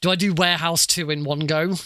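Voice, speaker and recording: A male streamer gives casual commentary on his own gameplay. His voice sits a little high and sounds bright. He jokes about his mistakes and laughs easily. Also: steady tone, brisk, no room sound. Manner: chatty, self-mocking, laughs often.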